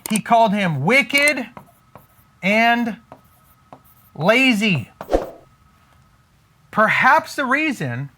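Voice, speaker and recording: Pushed and bright, his high-sitting voice drives a forceful sermon on money and scripture. The teacher leans on repetition for emphasis and plays out the voices of imagined believers.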